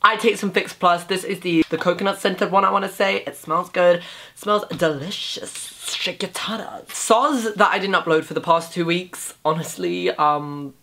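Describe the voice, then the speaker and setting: A man's voice: high-pitched, fairly even intonation, moderate pace, creaky, bright, forceful tone, slight background noise. A young man in his bedroom, chatting casually and sarcastically while doing his makeup on camera, with a lot of self-mocking humour. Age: young adult. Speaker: beauty YouTuber. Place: home bedroom.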